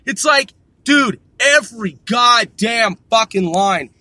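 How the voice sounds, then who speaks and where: A man's voice: very high voice, expressive, unhurried, bright, forceful tone, no echo. A middle-aged man ranting in an exasperated, profane way, repeating himself and swearing constantly. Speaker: vlogger. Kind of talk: ranting monologue.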